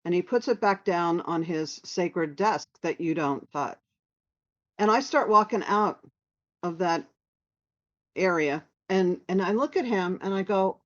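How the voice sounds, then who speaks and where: A woman telling a personal anecdote in a casual, animated way, acting out what others said. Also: lowish voice, a little slow. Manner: animated, quoting others in lively voices. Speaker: storyteller sharing memories. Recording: dull lo-fi sound.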